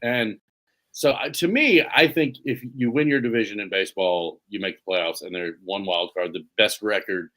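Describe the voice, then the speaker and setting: A man's voice: fairly low pitch, normal speed. A man co-hosting a podcast, chatting casually and rambling through stories. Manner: relaxed, rambling storytelling. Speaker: podcast co-host. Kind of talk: casual chat.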